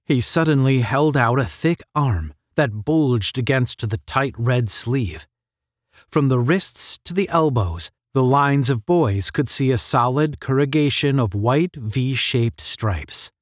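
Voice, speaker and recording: A man reading a novel aloud in a measured, expressive narration. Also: mid-range voice, dry recording, clean studio sound. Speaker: reader. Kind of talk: audiobook narration.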